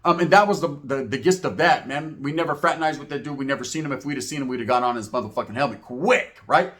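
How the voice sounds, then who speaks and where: A man from Merced telling a story in casual talk, slangy and animated, acting out the people in it. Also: mid-range voice, quick pace. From Merced, California. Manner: slangy, animated, acts out quotes in voices.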